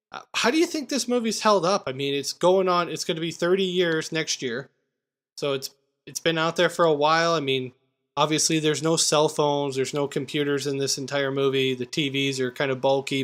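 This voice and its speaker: A man's voice: on the high side, fairly bright tone. A man co-hosting a movie podcast, casually recapping scenes and chatting with his co-host. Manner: recaps scenes, acts out quotes. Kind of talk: casual movie review chat.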